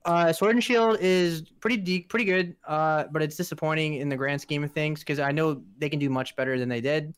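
A man's voice: fairly high pitch, steady tone, a little fast, few pauses, smooth, dry recording. A man co-hosting a podcast, chatting casually about games in a rambling way, with plenty of fillers and restarts. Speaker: podcast co-host.

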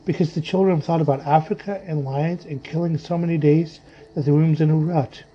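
A man's voice: a little high, steady tone, brisk, dark tone, natural voice. A man putting on an anxious, pressing wife. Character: uneasy, anxious wife and mother. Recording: dull lo-fi audio with faint music.

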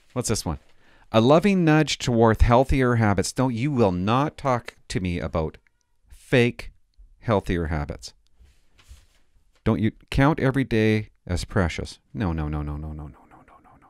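Mock-outraged male commentator, lower voice, recorded dry and close. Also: sing-song, moderate pace, vocal fry, pauses often, no room sound. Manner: sarcastic, mock-indignant, reads headlines aloud then scoffs. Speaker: commentator reading a newspaper aloud.

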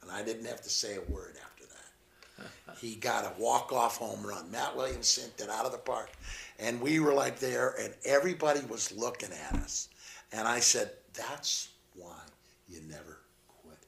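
Gravelly, animated storyteller man. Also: mid-range voice, normal speed. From Southeast Missouri, US. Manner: lively, laughing storyteller. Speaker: motivational speaker and guest.

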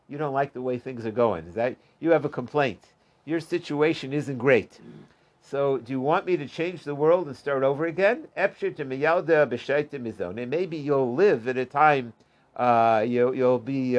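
A man teaching a Talmud class in a relaxed way, reading short lines aloud, explaining them in plain terms and chuckling at the stories. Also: mid-range voice. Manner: retells stories line by line with loose asides and chuckles. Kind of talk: casual Talmud class storytelling.

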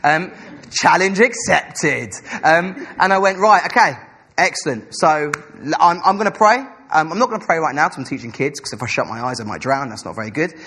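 A young man preaching a sermon, telling a story with animated, acted-out dialogue. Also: a little high, fairly quick, slightly rough.

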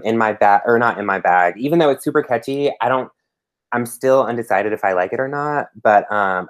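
Low-voiced woman chatting with many fillers. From Texas. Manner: rambling, many fillers and restarts. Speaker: podcast co-host. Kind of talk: casual chat.

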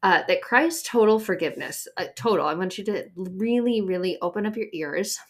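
A young woman hosting a faith podcast, chatty and animated, a little short of breath from her pregnancy. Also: medium pitch, normal speed. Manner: chatty, animated, acts out quoted voices. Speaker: podcast host.

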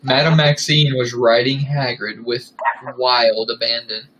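A man reading fan fiction aloud on a comedy podcast in a dry, deadpan narrating voice. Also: mid-range voice, measured pace, highs cut off, a little hiss or hum.

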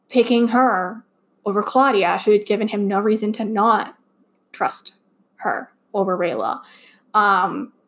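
Rambling young woman podcaster, heartfelt. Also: medium pitch. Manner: rambling, heartfelt, many fillers and restarts. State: slightly choked up. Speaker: podcast host. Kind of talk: casual fan podcast monologue.

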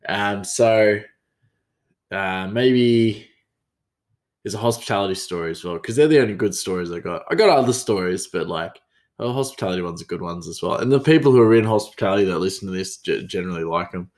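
A man's voice: deep voice, animated, brisk, a little mellow. A man hosting a podcast, telling work stories in a rambling, casual way with many restarts. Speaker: podcast host. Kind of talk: casual storytelling monologue.

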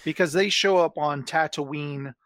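A man co-hosting a podcast in casual chat, enthusiastic and quick to laugh. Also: a little high, fairly bright tone, no echo, studio quality. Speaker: podcast co-host.

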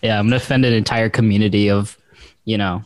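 A man's voice: lowish voice, steady tone, quick pace. A man in casual podcast chat, laughing often and acting out conversations. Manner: laughs often, quotes people in dialogue. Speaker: podcast co-host.

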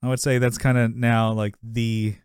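A man co-hosting a podcast rambles casually through a recap of a TV episode, laughing often and leaning on "you know." His mid-range voice is darkish, clear and resonant, with a level tone at normal speed. The studio-quality recording has no room sound.

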